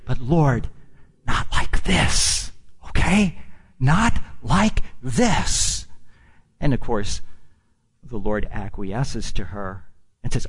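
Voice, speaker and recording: A middle-aged man preaching a sermon, swinging from hushed near-whispers to loud, emphatic peaks. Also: mid-range voice, lively intonation, slow pace, long pauses, husky.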